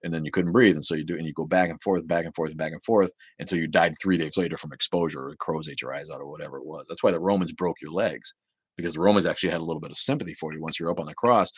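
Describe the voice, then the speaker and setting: A man's voice: extremely low pitch, steady tone, racing, slightly rough, no room sound, clean studio sound. A man hosting a casual livestream, reading out viewer comments and answering them with sarcastic, profane rants full of restarts.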